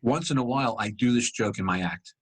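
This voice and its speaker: A man, a guest comedian, chatting on a video call, animated and swearing freely. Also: mid-range voice, a little fast, low-quality recording. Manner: animated storyteller, swears, frequent "you know". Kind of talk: casual chat on a video call.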